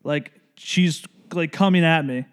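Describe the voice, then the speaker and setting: A man with a slightly high voice, co-hosting a casual podcast. He tells stories with energy and acts out the people in them as he goes. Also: a little slow, clear, resonant tone. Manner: animated storyteller, acts out drivers and friends. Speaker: podcast co-host. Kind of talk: casual chat.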